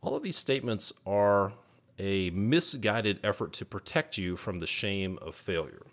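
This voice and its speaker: A man's voice: on the low side, expressive, measured pace, a bit bright. A man hosting a podcast, speaking earnestly as a business coach, repeating key points and rattling off lists of negative self-talk. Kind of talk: podcast monologue.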